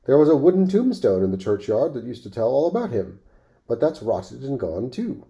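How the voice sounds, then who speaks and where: A man's voice: medium pitch, big pitch swings, normal speed, vocal fry, dark tone. A man voicing a gossipy old village man with a thin, piping voice in a storybook reading. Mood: informative.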